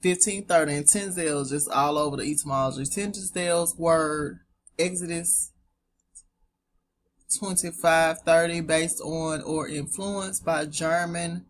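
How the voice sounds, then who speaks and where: A woman with a Southern US accent, reading dictionary entries aloud to her viewers and breaking off for chatty asides. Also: fairly low pitch. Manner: chatty, talks straight to viewers as "y'all". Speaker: online Bible etymology presenter.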